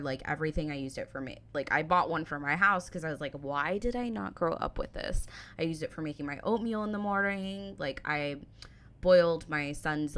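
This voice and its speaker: A woman's voice: sits low, fairly bright tone, smooth. An American woman in her thirties, chatting casually and full of fillers as she reacts to a video. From United States. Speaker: reaction channel host.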